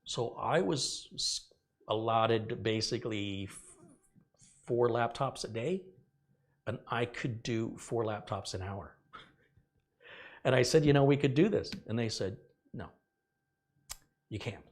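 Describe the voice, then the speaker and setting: A middle-aged man hosting a tech video casually recounts a story from his working life, animatedly acting out the quoted dialogue with laughs. His voice is lowish, and he takes it slowly with long pauses.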